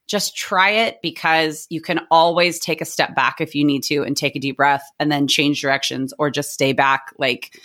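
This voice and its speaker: A woman hosting an education podcast, chatting casually and gushing, with lots of "like" fillers. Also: low-pitched. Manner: warm gushing, filler-heavy. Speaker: podcast host.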